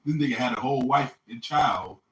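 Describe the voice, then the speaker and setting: A man's voice: mid-range voice, brisk, a bit bright. A man in a casual group chat, blunt and profane, ending lines with "man" and "bro". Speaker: group discussion member. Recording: echoey room, far from mic, faint hiss.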